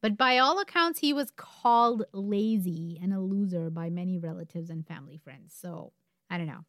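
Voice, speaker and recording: A woman in her forties from India co-hosts a true crime podcast, telling stories casually with chatty, wry asides. Her voice is fairly low and fairly bright, animated at a moderate pace, with dry, close sound and no echo.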